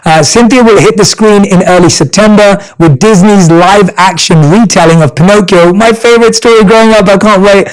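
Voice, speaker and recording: A man's voice: sits high, moderate pace, few pauses, smooth, poor audio. A man with a London accent hosting a podcast, reading a guest introduction and then chatting casually. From North London, England. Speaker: podcast host. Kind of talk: casual interview chat.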